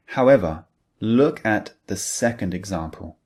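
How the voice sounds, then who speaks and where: A man teaching English grammar in a slow, clear scripted lesson. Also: on the low side, animated, a little mellow.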